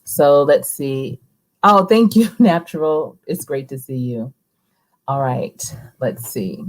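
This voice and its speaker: Low-voiced woman chatting live. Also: expressive, takes it slowly. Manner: chatty, reads viewers' comments aloud. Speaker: livestream host, coach. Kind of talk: casual live stream chat.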